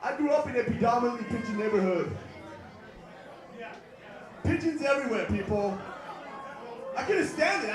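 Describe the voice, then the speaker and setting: A man from Los Angeles performing a live stand-up set in a bar, with a punchy, profane delivery that breaks into shouted bursts. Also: extremely high pitch, animated, moderate pace, long pauses. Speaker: stand-up comedian and host. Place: bar stage before a live audience. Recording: echoey bar with crowd laughter.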